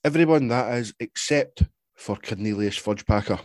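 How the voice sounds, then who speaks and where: A man's voice: fairly low pitch, moderate pace, a little mellow, no echo. A man co-hosting a podcast, reading aloud and bantering with laughter and swearing. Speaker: podcast co-host. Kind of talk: casual chat and reading aloud.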